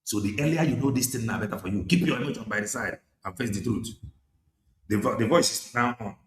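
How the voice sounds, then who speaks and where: A man's voice: mid-range voice, quick pace. A man with a Nigerian Igbo accent preaching an impassioned political sermon, switching between English and Igbo. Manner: forceful, exhorting, mixing English and Igbo. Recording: echoey room with faint noise.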